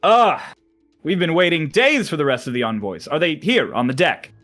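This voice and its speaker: An eager young envoy, as a man puts him on greets everyone with bright courtesy. His voice sits well above the speaker's own and bounces around. He sounds formal, friendly and keen to please. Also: a little high, lively intonation, normal speed, soft background music. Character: cheerful young male envoy, eager and polite.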